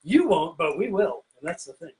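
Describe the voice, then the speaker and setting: A man's voice: fairly high pitch, sing-song, moderate pace, crowd noise, poor audio. A man hosting a casual bartending show, telling a long joke in a rambling, playful way while mixing drinks in a home bar. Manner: rambling, self-interrupting, playful. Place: home pirate-themed bar.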